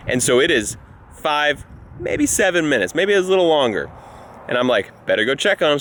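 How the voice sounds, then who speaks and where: A man hosting a casual vlog, telling stories in a lively way and acting out the dialogue. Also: mid-range voice, a little hiss or hum. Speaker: vlogger host. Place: on a ranch, in and around a barn.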